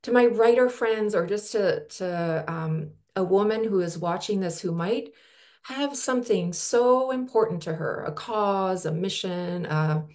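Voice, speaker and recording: A woman host asking thoughtful questions, often pausing to search for words. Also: medium pitch, darkish tone. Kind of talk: interview questions.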